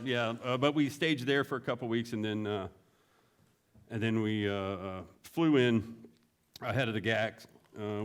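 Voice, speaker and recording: A middle-aged man with a fairly low voice tells war stories in a relaxed, chatty way. He laughs often and lifts his voice high and loud when he quotes other people. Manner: animated, laughing, acts out quotes in a raised voice. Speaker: veteran guest. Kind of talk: casual storytelling.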